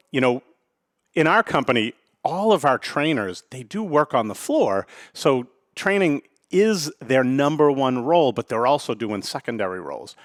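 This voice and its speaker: A chatty middle-aged man talks business in a loose storytelling way, leaning on quick asides to the listener. His voice sits at an ordinary pitch. The sound is dry and close, with no room around it. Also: no room sound. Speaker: podcast host. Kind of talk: casual business talk.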